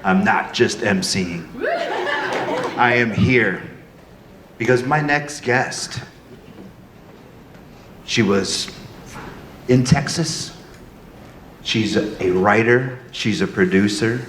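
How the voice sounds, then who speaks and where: A man's voice: on the low side, slow, pauses often, a bit bright. A man moderating a live convention panel, nervous and gushing, laughing often. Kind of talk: excited live panel hosting. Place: convention hall stage. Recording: roomy hall with noise.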